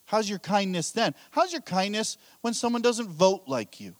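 A man's voice: high voice, lively intonation, moderate pace, dry recording. A middle-aged man preaching a sermon as pastor, telling candid, self-deprecating stories with a laugh.

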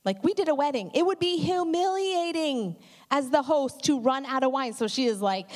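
A middle-aged woman giving a conversational sermon, telling animated stories with many asides. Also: high-pitched, normal speed. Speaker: church speaker.

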